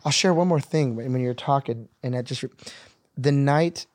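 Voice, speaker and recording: A middle-aged man talks in an earnest, conversational storytelling voice at a middle pitch. He rises now and then into excited, laughing bursts. The sound is close and dry, with no room around it. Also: moderate pace, no room sound. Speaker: guest.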